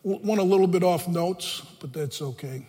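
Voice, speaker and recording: High-voiced male preacher in an echoing hall. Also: normal speed, mellow. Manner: emphatic preaching, repeating phrases for stress. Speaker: pastor. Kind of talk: sermon. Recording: long reverb of a large hall.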